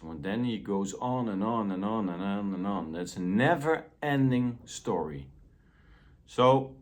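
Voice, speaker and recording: A man giving a motivational self-help talk in a gentle, deliberate way. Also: on the low side.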